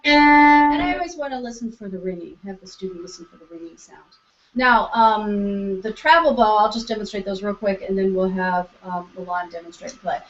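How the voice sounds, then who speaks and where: Over violin playing in the background, a woman with a medium-pitched voice speaks at a normal speed. She's teaching violin online, patient and encouraging, singing bowing syllables to guide a young student. The video call audio is roomy, dull and lo-fi.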